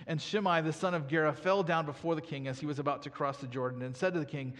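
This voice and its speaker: A man's voice: medium pitch, fairly even intonation, a little fast, a bit bright, in a large hall. A man preaching a sermon in a conversational manner, reading scripture and correcting himself as he goes. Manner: conversational, with self-corrections and asides. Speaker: pastor.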